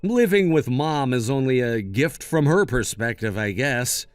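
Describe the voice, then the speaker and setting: A man's voice: mid-range voice, animated, a little slow, no room sound. A man narrating a scripted first-person story, speaking firmly and sarcastically, in a dry recording with faint music behind. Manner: firm, scolding and sarcastic.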